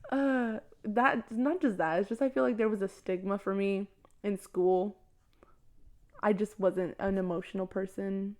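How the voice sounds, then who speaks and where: A young woman guesting on a casual chat podcast. She tells personal stories in a loose, rambling way, dropping "like" everywhere and laughing often. Her voice sits at an ordinary middle pitch for a woman. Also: steady tone, unhurried, darkish tone. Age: young adult. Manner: storytelling, laughs often, many "like" fillers.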